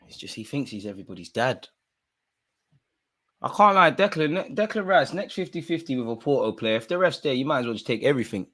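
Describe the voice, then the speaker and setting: A man, voice bright and sharp-edged, commentating live on a football match for a watch-along crowd. He grumbles low at bad calls, then bursts into loud cheering and yelling at the players, all in casual street slang. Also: very animated, fast talker. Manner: exasperated, heckling the referee, swings between muttering and shouting.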